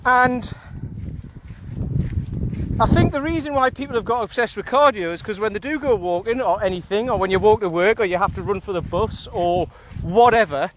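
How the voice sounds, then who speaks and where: A man with a notably high voice, a little winded as he walks outside. He rambles and repeats himself in a casual, chatty way. A faint hiss of background noise sits under his voice, picked up by a phone he holds in one hand. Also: normal speed. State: out of breath. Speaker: kettlebell coach. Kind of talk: casual walking vlog. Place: outdoors on a walk. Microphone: phone held in hand.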